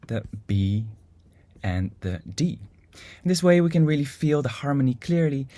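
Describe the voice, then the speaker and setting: A man teaching a music improvisation lesson in a calm, explanatory way. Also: mid-range voice, no echo. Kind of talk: instructional video lesson.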